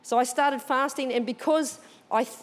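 High-voiced woman telling a church testimony. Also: moderate pace, big-room sound. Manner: animated, expressive storytelling with frequent laughter. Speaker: church speaker giving testimony. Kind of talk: sermon testimony storytelling. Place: church auditorium.

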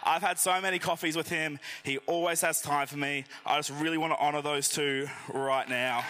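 A man's voice: fairly high pitch, fairly even intonation, normal speed, pushed and bright, some chatter behind, a little hiss or hum. A young man giving a casual, joking talk at church and speaking straight to the congregation. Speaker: youth and worship team volunteer speaking at church. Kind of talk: sermon.

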